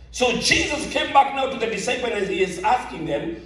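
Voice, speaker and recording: A pastor with a very high voice delivers a slow, emphatic sermon. He repeats key phrases for weight. The sound carries a strong echo from a large auditorium, picked up from some distance away. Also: animated, bright, forceful tone. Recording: very echoey hall, mic at a distance.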